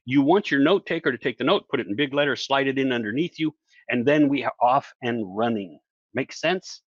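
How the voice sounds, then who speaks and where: Animated man coaching presenters. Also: mid-range voice, fairly quick, no echo, highs cut off. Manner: animated, acts out quoted voices, asks listeners questions. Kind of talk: energetic online presentation.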